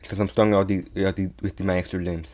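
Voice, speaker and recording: Halting young man retelling a fan story. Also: deep voice, little pitch movement, darkish tone. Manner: halting, many restarts and repeats.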